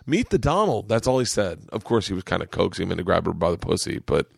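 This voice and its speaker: Profane middle-aged male podcast host, gravelly. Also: quick pace, dry recording, studio quality. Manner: profane, joking, puts on a high drawling yokel voice at times. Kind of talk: casual chat. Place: home man cave studio.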